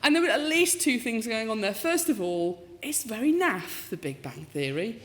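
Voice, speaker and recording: A woman in her fifties giving a talk as a professor, telling stories in a lively, self-mocking way and acting out the voices she quotes. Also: on the high side, normal speed. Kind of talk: storytelling talk with comic asides. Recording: lecture hall with long reverb.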